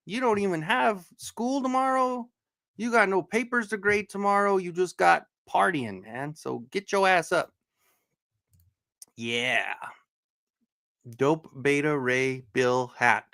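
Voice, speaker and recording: A man's voice: a little high, a bit bright, dry recording, clean studio sound. A man from Southern Colorado hosting a livestream, greeting his chat in a loose, joking way with casual swearing. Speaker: livestream host.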